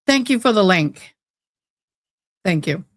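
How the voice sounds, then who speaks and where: A woman's voice: medium pitch, animated, takes it slowly. A woman hosting a casual livestream, talking in agitated, ranting bursts. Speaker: YouTube livestream host. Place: home room with sunlight through window. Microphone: desk mic close by.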